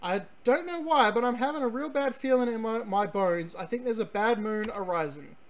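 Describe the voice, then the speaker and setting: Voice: mid-range voice, moderate pace, voice pushed up, close to an everyday voice. A streamer reading as a wary old cook woman. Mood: uneasy. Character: older female cook, wary and superstitious.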